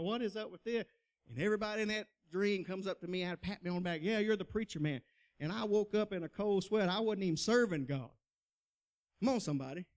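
A middle-aged man, telling his testimony in a folksy preaching style, laughing often and calling out to the crowd. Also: high voice. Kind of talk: personal testimony, sermon style.

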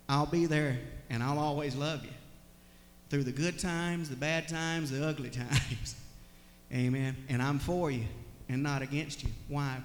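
Emotional pastor in an echoey church. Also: male voice, on the high side. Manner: emotional, heartfelt, repeats "God" and "Lord" often in prayer. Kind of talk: sermon and closing prayer. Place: church sanctuary.

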